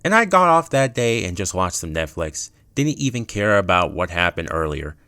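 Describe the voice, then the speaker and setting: Low-voiced young man swearing through a story. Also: big pitch swings, normal speed, sharp tone, clean tone, no room sound. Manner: casual, swears freely. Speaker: YouTuber telling a gaming story. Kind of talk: casual storytime narration.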